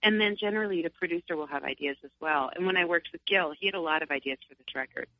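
A middle-aged woman from Long Island, chatting as a guest in an interview, animated and acting out her own thoughts. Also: lowish voice, racing, no room sound. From Long Island, New York. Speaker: singer and guest. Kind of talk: casual interview. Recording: dull, lo-fi sound.

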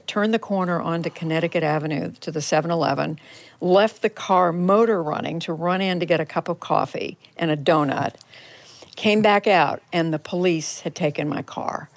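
A woman's voice: lowish voice, no room sound. An older woman journalist giving a radio interview, recounting events reflectively and in detail, often restarting her sentences. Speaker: journalist guest. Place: converted home TV studio.

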